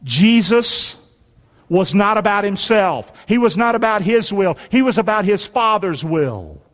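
A man's voice: high voice, a bit bright. A man preaching a sermon, reading scripture aloud and leading the congregation to repeat it in a folksy, emphatic way. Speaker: pastor. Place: church. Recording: long echoey hall reverb.

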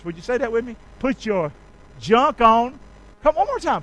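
A male pastor preaching a sermon, leading his congregation in call-and-response and swinging from shouts to quiet asides. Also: high voice, very animated, normal speed, poor audio. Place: church sanctuary.

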